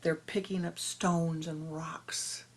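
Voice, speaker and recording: A woman spiritual teacher with a deep voice tells a parable during a meditation talk, speaking slowly in a level tone. Her delivery is dramatic and rhythmic, often sinking to a hush.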